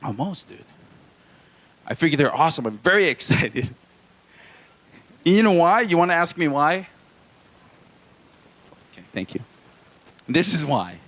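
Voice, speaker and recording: A man's voice: fairly high pitch, sing-song, a little slow, pauses often, fairly bright tone. A man from Hawaii doing a live stand-up routine in a small comedy venue, with crude jokes and playful banter with the crowd.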